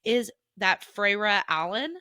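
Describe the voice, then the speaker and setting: Young woman co-host, bright and eager, dry close sound. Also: mid-range voice, lively intonation, takes it slowly, no room sound. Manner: enthusiastic, swears casually. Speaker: podcast co-host. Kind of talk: casual book chat.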